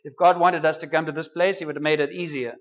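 A man's voice: fairly high pitch, steady tone, fast talker, lo-fi sound. A man preaching a sermon in a conversational, humorous way, with playful asides to the congregation.

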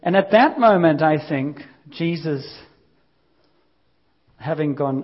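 A man gives a conversational sermon and lets his voice rise and fall as he acts out the lines of the story. His voice sits somewhat high. The recording sounds muffled and lo-fi. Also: slow, long pauses. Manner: lively, conversational storytelling with acted-out quotes. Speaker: preacher.

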